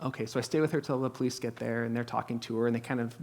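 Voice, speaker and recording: A man in his thirties, a pastor preaching a sermon in a conversational, humorous way, telling stories and dropping to a hush at tense moments. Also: medium pitch, steady tone, racing. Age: 30s. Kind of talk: sermon with storytelling. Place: church.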